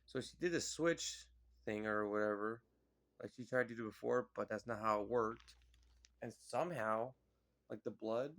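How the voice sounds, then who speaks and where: A man's voice: on the low side, normal speed. Rambling man recapping a film. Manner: rambling, filler-heavy, lots of "like" and "you know". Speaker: vlogger.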